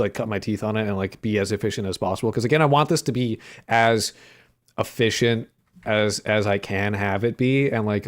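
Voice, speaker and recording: A young adult man chatting casually with his livestream audience while coding, rambling with lots of fillers, joking and swearing. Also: fairly low pitch. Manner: playful, jokey banter with chat. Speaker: streamer and indie game developer.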